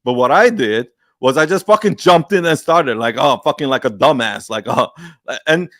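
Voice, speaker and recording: A man's voice: medium pitch, lively intonation, moderate pace, a bit bright, dry recording, studio quality. A man hosting a live Q&A, giving a blunt, profane, fired-up pep talk and mocking people's excuses in whiny put-on quotes. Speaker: host of a live Q&A. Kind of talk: unscripted livestream pep talk.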